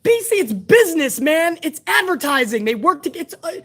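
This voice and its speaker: High-voiced woman ranting, blunt and profane. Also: sing-song, normal speed. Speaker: wrestling show host. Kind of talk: live-stream review rant.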